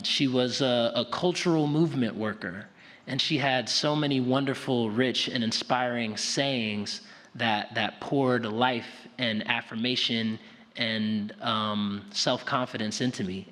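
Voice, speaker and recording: A man's voice: medium pitch, a bit bright. A man giving a conversational public talk, often restarting and repeating words. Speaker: guest speaker. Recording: long hall reverb.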